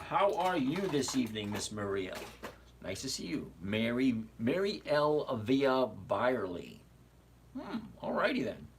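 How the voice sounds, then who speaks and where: Man in his sixties, casual livestream host, chatty, greets viewers by name, husky voice, lively intonation. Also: medium pitch. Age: 60s.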